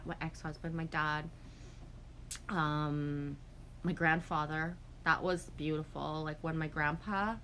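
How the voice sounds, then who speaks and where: With a lowish voice and a bit of background noise, a woman in her forties chats on her livestream, going through viewer comments and spinning animated, rambling tales laced with curses and acted-out quotes.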